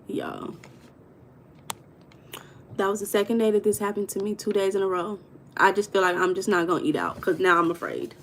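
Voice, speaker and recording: Young woman, livestream host, casual chat, greets viewers by name, animated storytelling, mid-pitched voice. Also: fast talker, a little hiss or hum. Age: young adult.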